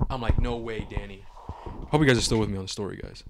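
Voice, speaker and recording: A young man on a podcast telling a long story in casual chat, animated, swearing freely and acting out what everyone said. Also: lowish voice, quick pace, heavy background noise. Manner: animated, swears a lot, acts out his own quotes. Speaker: podcast co-host.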